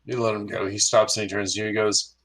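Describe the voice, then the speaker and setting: A man's voice: fairly low pitch, level tone, quick pace, fairly bright tone. A man narrating a tabletop game as game master in a casual, descriptive way.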